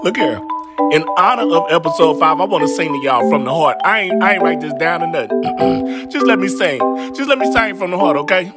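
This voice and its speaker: Chatty male comedy host, lively swooping delivery, over loud music. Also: a little high, brisk. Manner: playful, chatty, breaks into singing. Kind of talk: casual comic commentary.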